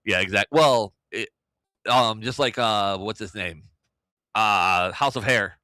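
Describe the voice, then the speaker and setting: A man's voice: fairly low pitch, slow pace, sharp tone, dry recording, clean studio sound. Easygoing man hosting a podcast. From Michigan. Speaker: host. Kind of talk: casual political podcast chat.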